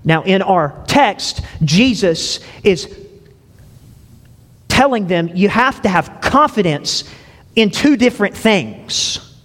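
A man's voice: high voice, lively intonation, slow pace, fairly bright tone. A male pastor preaching a sermon in a conversational way, dropping in "you know" and "right?" and repeating words as he restarts. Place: church. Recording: long reverb of a church hall.

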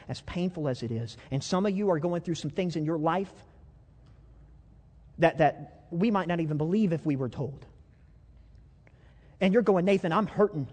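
Guy preaching on stage, gets loud then goes quiet telling a story, kinda high voice, big echoey hall. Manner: impassioned storytelling, swings from loud to hushed; repeats words as he talks. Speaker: pastor. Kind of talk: sermon. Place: church stage.

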